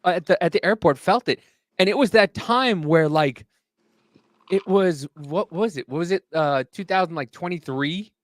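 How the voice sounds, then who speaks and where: A man co-hosting a casual chat, telling a story in an animated, swearing way and acting out angry quotes. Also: high-pitched, moderate pace, dry recording. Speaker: podcast co-host.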